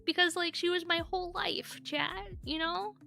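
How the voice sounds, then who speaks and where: A young woman talks casually to her live-stream chat in a high, bright voice. She is candid and chatty, dropping swear words freely. Faint music plays underneath. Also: steady tone, normal speed, gravelly.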